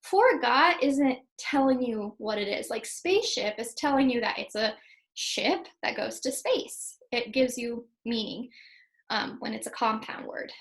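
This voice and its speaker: A woman's voice: fairly high pitch, unhurried, vocal fry, poor audio. A woman teaching a spelling lesson to second graders, patiently sounding out letters and syllables one at a time. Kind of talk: spelling lesson for young children.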